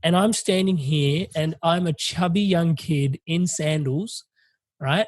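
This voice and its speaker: A young man tells a story on a podcast, loose and animated. His voice sits a little high, and the recording is dry and close. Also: slow pace, dry recording. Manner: animated, swearing, laughing through a story. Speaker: podcast host. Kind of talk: casual storytelling.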